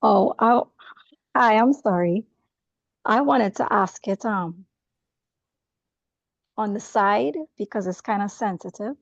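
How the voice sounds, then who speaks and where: A woman's voice: mid-range voice, slow pace, vocal fry, long pauses, no room sound. A woman with a non-native accent, a student calling into a class over a video call, talking in an apologetic, rambling way. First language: not English. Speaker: student asking a question. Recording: dull, dry video call audio.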